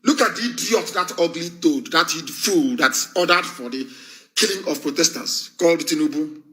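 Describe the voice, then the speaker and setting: Fiery high-voiced Nigerian man. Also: lively intonation, normal speed, sharp tone. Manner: fiery, scornful, mocking, repeats phrases for emphasis. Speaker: broadcaster addressing followers. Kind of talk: impassioned live political address.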